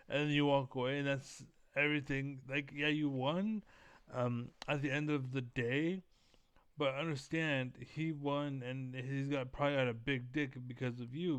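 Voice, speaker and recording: A man's voice: mid-range voice, fairly bright tone, clean tone, no room sound. A man giving heated, profane commentary while reacting to a video, keyed up and leaning on fillers like "basically.". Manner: profane, blunt, many fillers like 'basically'. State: keyed up, energetic.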